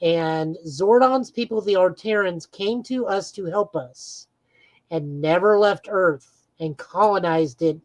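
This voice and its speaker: A woman's voice: fairly low pitch, takes it slowly, no room sound, low-quality recording. A woman co-hosting a podcast, eagerly recapping comic book plots in a casual chat with frequent "uh"s. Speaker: podcast co-host.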